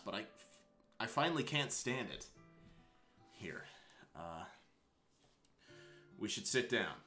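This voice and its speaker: A young man streaming a visual novel game, reading it aloud with excitable asides, laughter and swearing. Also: fairly low pitch. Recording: roomy echo.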